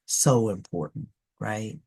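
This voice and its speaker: Woman with a gravelly voice, animated trainer. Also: a bass voice, slow. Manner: animated storytelling, coaxing the audience to join in. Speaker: trainer presenting an online information session. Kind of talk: conversational presentation.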